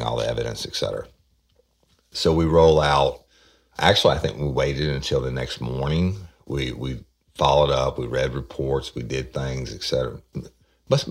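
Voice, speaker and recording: A man with an extremely deep voice and a gravelly rasp, telling old cases like a former detective. He talks in a blunt, plain, profane way, as casual spoken storytelling.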